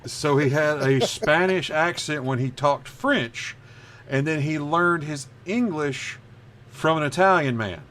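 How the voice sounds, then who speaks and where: A man's voice: on the high side, slow pace, fairly bright tone, slight background noise. A man hosting a casual livestream while he draws, telling long rambling stories and swearing freely. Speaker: livestream host drawing. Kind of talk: casual chat while drawing.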